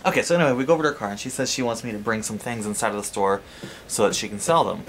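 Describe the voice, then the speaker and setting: A man hosting a let's play, telling a story in a chatty, animated way over gameplay, swearing casually. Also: on the low side, rapid-fire, a little hiss or hum. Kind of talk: casual gameplay commentary and anecdote.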